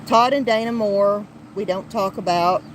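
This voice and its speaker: A woman hosts her podcast in a slow, unhurried voice that is plain and outspoken. She restarts her sentences often and swears when she gets heated. Faint traffic noise sits behind her. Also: medium pitch, poor audio. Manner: blunt and heated, with frequent restarts and profanity. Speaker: podcast host. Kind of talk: casual commentary podcast.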